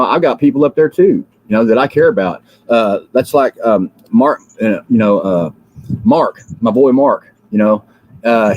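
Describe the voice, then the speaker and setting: Husky man, just woken up, rambling political livestream rant, fiery and repetitive, lots of fillers, mid-pitched voice. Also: a little mellow, poor audio. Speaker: livestream host.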